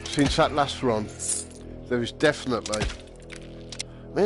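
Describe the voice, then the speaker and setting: A man talks casually as he plays a game, chatting and laughing with frequent swearing. His voice sits at an ordinary middle pitch. Loud game music plays under everything he says. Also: slow pace. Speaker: game streamer. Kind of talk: casual chat while playing a VR game.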